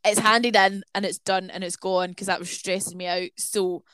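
A woman's voice: medium pitch, fairly even intonation, a bit bright, clean tone, dry recording. A woman co-hosting a podcast in casual chat, giggly and self-mocking. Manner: giggly, self-mocking, talks in quick bursts. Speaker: podcast co-host.

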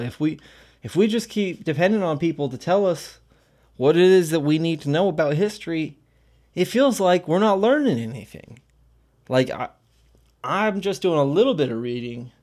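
A man's voice: medium pitch, a little mellow. A man streaming casual commentary while reading aloud, rambling with many fillers and blunt profanity.

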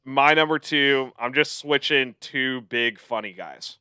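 A man's voice: medium pitch, unhurried, bright, forceful tone, smooth, dry recording, clean studio sound. A man on a podcast talking casually, rambling and hesitant with lots of ums. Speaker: podcast co-host. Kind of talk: casual chat.

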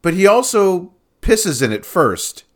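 A man's voice: sits high, big pitch swings, slow. A man chatting casually as a podcast co-host, laughing often and restarting his sentences. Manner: laughs often, repeats himself when starting sentences. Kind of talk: casual chat.

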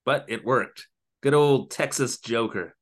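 A man's voice: medium pitch, unhurried. Rambling man recapping a show. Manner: rambling, filler-heavy retelling. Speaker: podcast co-host. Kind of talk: casual chat recapping a TV episode.

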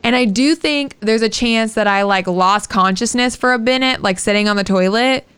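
A podcast co-host shares a story in easygoing chat, swearing plenty and keeping it animated. She has a smooth voice on the high side and speaks at a moderate pace.

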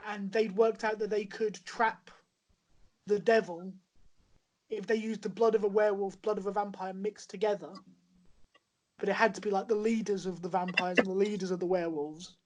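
A woman's voice: mid-range voice, fairly even intonation, moderate pace, a little mellow, rough recording. A woman co-hosting a podcast, chattily explaining a plot and laughing between lines. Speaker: podcast co-host. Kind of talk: casual chat.

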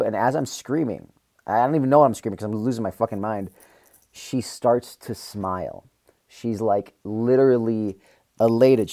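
A man delivers a solo podcast rant, rambling and candid and full of swearing. His voice sits a little low with a dark, mellow warmth. He talks casually, circling back on his points as he goes. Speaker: podcast host.

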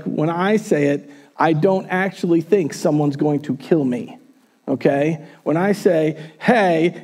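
A male pastor preaching a sermon in a church, telling the story in an animated, casual way. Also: on the high side.

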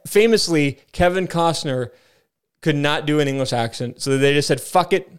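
A man's voice: a little high, moderate pace, clean tone. A man co-hosting a podcast, chatting casually and enthusiastically about movies and often restarting his sentences. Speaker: podcast co-host.

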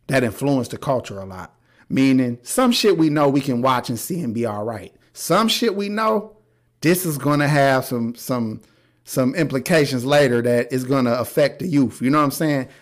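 A man hosting a podcast, talking in a casual, blunt and profane way with strong opinions. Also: mid-range voice. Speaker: podcast host. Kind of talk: casual chat.

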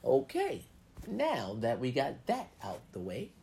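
A man's voice: mid-range voice, wildly swooping pitch, slow pace, creaky, darkish tone, a little hiss or hum. A man giving a casual, profane pep talk to listeners, swearing freely and acting out grumbling inner voices. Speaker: motivational talker.

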